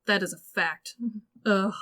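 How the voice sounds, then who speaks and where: This podcast co-host has a mid-range voice and speaks a little slowly during a casual movie review. She keeps things sarcastic and animated, acting out quotes from the film.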